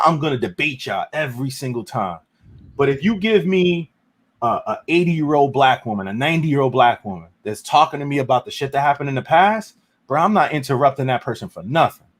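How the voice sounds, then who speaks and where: A man hosting a live stream, ranting loudly and profanely in casual talk, with sudden shouts. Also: mid-range voice, lively intonation, a little fast. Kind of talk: heated casual rant.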